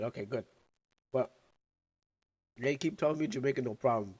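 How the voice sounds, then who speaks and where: A man's voice: medium pitch, a little mellow. A young man who is sick and coughing chats casually as a streamer. He rambles and halts while sucking on candy. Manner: rambling, halting, talking with candy in mouth. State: sick, coughing, recovering lungs. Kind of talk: casual livestream chat.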